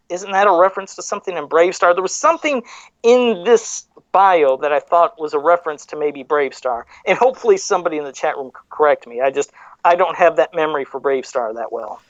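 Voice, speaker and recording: A man's voice: on the high side, fast, dry recording. A male podcast host talking casually and wandering into side rants, often stopping to correct himself. His voice comes through slightly dull and muffled. The room sounds completely dry.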